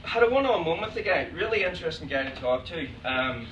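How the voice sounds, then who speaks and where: A man's voice: a little high, lively intonation, fairly quick, a bit bright, muffled recording. An Irish man, a photographer, telling funny anecdotes to an audience, laughing often. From Ireland. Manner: chatty, laughs often, acts out quoted exchanges. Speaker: photographer giving a talk. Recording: echoey room, distant mic, noisy.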